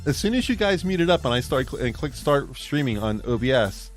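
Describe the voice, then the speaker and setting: A man's voice: mid-range voice, very animated, a little fast, soft background music. A man hosting a casual political chat stream, rambling with many fillers and restarts and laughing at himself. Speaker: podcast host.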